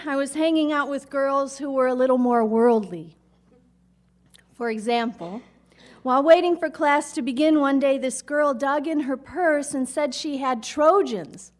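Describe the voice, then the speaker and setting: A woman performs a comic monologue with a wry, self-mocking delivery. Her voice sits high for a woman, and she tells her stories on stage. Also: a little slow.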